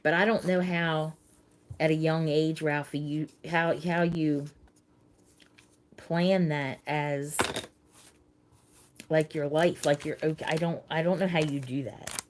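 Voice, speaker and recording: A middle-aged woman chats casually with live viewers, her voice sitting a little low. She talks slowly and haltingly, restarting phrases and repeating words as feeling creeps in. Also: steady tone, slight background noise. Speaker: livestream host.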